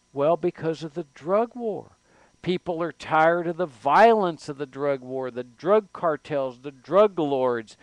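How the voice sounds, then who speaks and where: A man's voice: on the high side, clean tone, no room sound. Emphatic man, dry close sound. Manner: emphatic, repeats words and restarts, rhetorical questions. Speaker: show host. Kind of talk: political commentary monologue.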